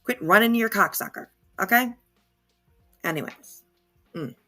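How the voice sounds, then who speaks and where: A woman's voice: mid-range voice, animated, unhurried, sharp tone, faint music behind. A woman hosting reaction commentary, sarcastic and opinionated. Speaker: commentary channel host.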